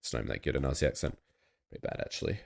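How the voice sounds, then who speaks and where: Young man, low voice, casual stream host who talks to chat while he plays and coaches. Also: rapid-fire, gravelly. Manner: chatty, self-critical, talks to chat. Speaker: poker coach streaming his play. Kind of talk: casual live-stream commentary.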